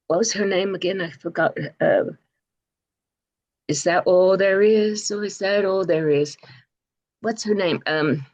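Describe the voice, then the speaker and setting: An older woman from Bristol with an English accent, telling rambling anecdotes in an interview, with frequent fillers and pauses. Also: lowish voice, muffled recording. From Bristol, England. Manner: rambling, hesitant, warm anecdotes with many fillers. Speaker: guest. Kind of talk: interview storytelling.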